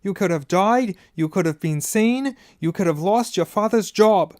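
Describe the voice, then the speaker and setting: A man's voice: on the high side, normal speed, warm tone, clean tone, dry recording, studio quality, lightly acted. A fussing, scolding mother, as a man puts her on. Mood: furious. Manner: scolding, then fussing tenderly. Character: stern, fussing middle-aged mother, loud when angry. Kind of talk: audiobook character voice.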